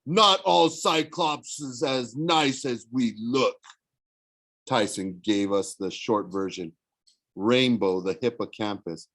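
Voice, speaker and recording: A man reading a novel aloud in the first person, expressive, with small slips and restarts. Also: mid-range voice. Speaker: audiobook narrator.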